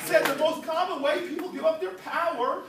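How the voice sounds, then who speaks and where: This male political speaker has an extremely high, creaky voice, a steady tone, and talks a little fast as he preaches to a church hall crowd with playful storytelling and call and response. Heavy background noise joins the echo and crowd on the distant mic.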